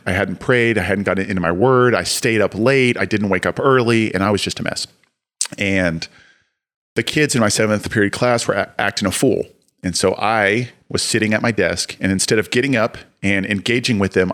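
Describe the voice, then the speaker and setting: A young man telling a lively personal story on a podcast, acting out his own shouting as he goes. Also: on the low side. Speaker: podcast co-host. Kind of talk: casual storytelling.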